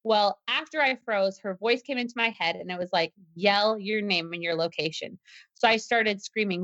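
Bright-voiced woman recounting a story. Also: medium pitch, normal speed, no room sound. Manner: earnest, tense retelling with restarts. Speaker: guest, self-defense teacher. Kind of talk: personal story told in an interview. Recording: slightly dull, muffled recording.

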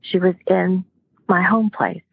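A woman's voice: on the low side, fairly even intonation, takes it slowly, vocal fry, husky, dry recording. A middle-aged woman earnestly telling a personal story, sometimes dropping to a whisper, on a phone-like recording. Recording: dry phone-like line.

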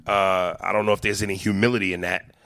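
A man, a comedian, talking in a casual podcast chat, profane and animated, often acting out little voices. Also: sits low, fast. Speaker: comedian guest.

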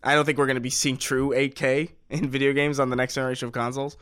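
Relaxed man, casual swearing. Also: mid-range voice, fast talker, smooth. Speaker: podcast co-host. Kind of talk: casual podcast chat.

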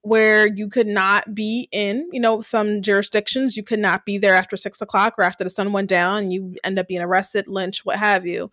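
A woman's voice: medium pitch, flat delivery, moderate pace, few pauses, a bit bright, no room sound, clean studio sound. A young woman from Delaware, co-hosting a podcast and animatedly retelling scenes from a TV series, laughing often. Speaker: podcast co-host recapping a TV series. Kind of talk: casual chat.

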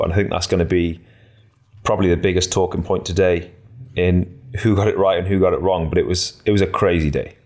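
Male pundit, very deep voice, relaxed rambling delivery with plenty of ums, easygoing podcast chat. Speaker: podcast co-host, cycling pundit.

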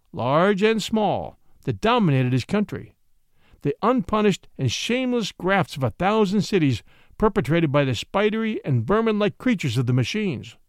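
A male narrator reads a classic story with dramatic expression. His voice sits fairly high and his pitch moves a great deal. The sound is dry and close. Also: dry recording. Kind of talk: audiobook reading of a classic story.

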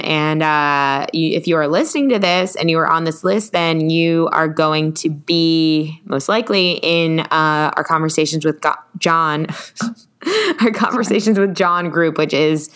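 A woman's voice: sits low, fairly bright tone, smooth. A woman hosting a podcast in casual chat, talking loosely with many fillers and frequent laughs. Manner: chatty, full of fillers, quick to laugh. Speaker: podcast host.

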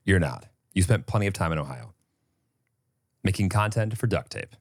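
A man's voice: deep voice, lively intonation, moderate pace, dry recording. A man, a podcast co-host, who jokes in a dry, sarcastic way and swears freely. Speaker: podcast co-host, spelling bee contestant. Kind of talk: casual comedic chat.

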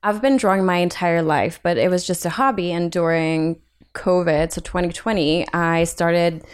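A woman's voice: lowish voice, normal speed, clean tone. A young adult woman from Hungary with a Hungarian accent, talking frankly as an illustrator guest on a podcast interview. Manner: frank, animated, laughs often.

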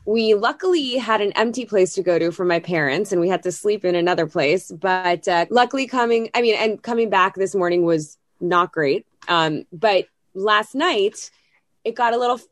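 A woman's voice: medium pitch, moderate pace, no room sound, clean studio sound. A woman in her thirties co-hosting a podcast, chatting casually and often saying "like", sometimes acting out voices. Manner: chatty, peppered with "like", acts out inner voices. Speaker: podcast co-host. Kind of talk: casual chat.

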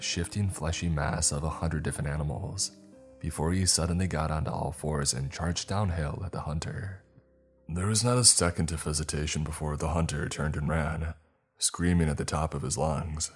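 A man reading a horror story aloud in a slow, measured storytelling voice. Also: rumbling low, steady tone, soft background music. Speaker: narrator. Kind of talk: scripted horror narration.

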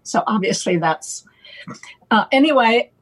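Woman guest, husky, unhurried, playful wordplay delivery. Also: a little high, lively intonation, low-quality recording. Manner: playful wordplay, slow and deliberate, laughs often. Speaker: guest on a talk show. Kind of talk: relaxed conversational explanation.

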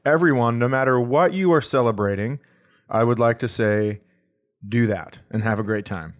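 A man hosting a comedy podcast, reading out his tour dates in casual, joking banter. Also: medium pitch. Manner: quick, joking, laughs often. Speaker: comedian host.

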